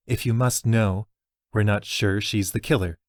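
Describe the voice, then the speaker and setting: A man voicing a sharp-witted young woman investigator who talks in a pointed way. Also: lowish voice, steady tone, no echo, studio quality, lightly acted. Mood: determined. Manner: pointed and quick to snap.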